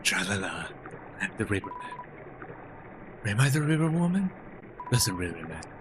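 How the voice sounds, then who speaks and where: A man voicing a dreamy, hooded river creature who rides a boat, in a soft sing-song murmur. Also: fairly low pitch, very animated, normal speed, noisy background, pitched below the performer's own voice.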